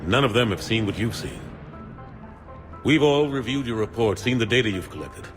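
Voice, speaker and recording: An actor playing a firm, steady older male fleet admiral who mentors a soldier in a game cutscene. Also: lowish voice, moderate pace, soft background music, natural voice.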